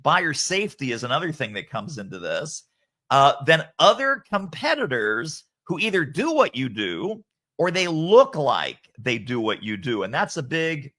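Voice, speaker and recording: A man's voice: a little high, very animated, normal speed, sharp tone. A man as a podcast guest author, speaking emphatically and rattling off lists of points. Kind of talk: podcast interview.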